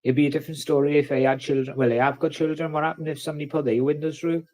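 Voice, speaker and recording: A man's voice: fairly high pitch, level tone, racing, warm tone. Sweary man ranting on a livestream. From Wales. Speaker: livestream host. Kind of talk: casual livestream chat.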